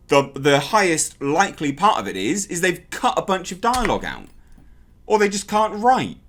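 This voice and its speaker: A man's voice: on the high side, a bit bright. A man reviewing a TV episode in a casual, sarcastic and exasperated rant.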